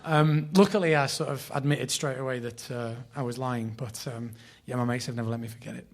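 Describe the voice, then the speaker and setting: A man in his thirties with a Greater Manchester accent, telling lively, sweary anecdotes as a podcast guest. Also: medium pitch, fairly quick, creaky. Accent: Northern English (Greater Manchester). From Bury, England. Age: 30s. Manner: animated storyteller, swears freely, laughs often. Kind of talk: casual chat, anecdotes.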